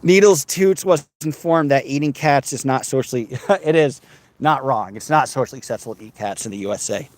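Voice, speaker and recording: A man's voice: mid-range voice, a little fast. A man livestreaming while walking outdoors, reading viewer comments aloud and bantering with his chat.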